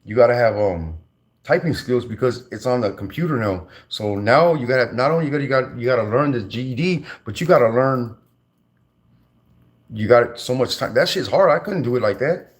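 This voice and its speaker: A man's voice: mid-range voice, animated, a little fast. A man tells a story in loose, casual talk. His voice sits in an ordinary middle register. He rambles, restarts often and leans on slang and fillers.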